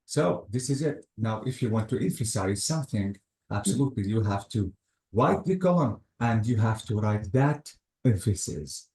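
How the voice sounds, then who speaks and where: A man with a lowish, mellow voice explains grammar rules, working through examples methodically and repeating his cue words. The sound is roomy and echoey. He is a patient teacher leading a lesson. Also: expressive, moderate pace. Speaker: English teacher. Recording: echoey room.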